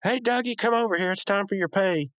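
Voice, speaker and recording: A man's voice: high-pitched, fast talker, a bit bright, no echo, studio quality, voice pushed up. A man voicing a lazy, scheming male raccoon from a cartoon, smug and bossy.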